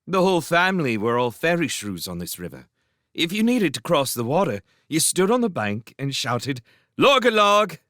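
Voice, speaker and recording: A cheeky, loud little female shrew, as a male narrator puts her on, chatty and boastful. Her voice is pushed high above his own and swings widely. The sound is dry. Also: very animated, a little slow, no echo.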